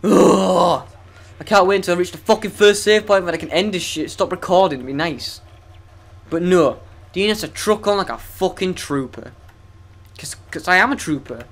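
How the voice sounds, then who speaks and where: Young guy swearing his way through a game, sarcastic and self-mocking, voice a bit on the high side. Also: fairly quick, fairly bright tone. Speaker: let's play gamer. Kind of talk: gameplay commentary.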